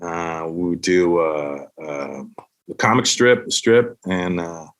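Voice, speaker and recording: A man's voice: low-pitched, slow pace. Middle-aged man telling comedy anecdotes. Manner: animated, acts out other people's voices with laughs. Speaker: guest comedian. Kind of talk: casual storytelling anecdotes.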